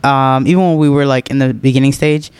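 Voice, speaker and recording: A man's voice: medium pitch, fairly even intonation, quick pace, clear, resonant tone. A laid-back young man hosting a podcast, chatting casually and answering listener questions, laughing often and leaning on filler words. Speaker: podcast host.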